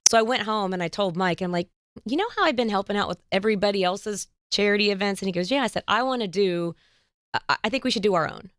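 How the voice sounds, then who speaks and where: Woman podcast host, lively storyteller who acts out quotes; clean, resonant voice, dry studio sound. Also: medium pitch, quick pace, no echo. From United States. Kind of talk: casual interview chat.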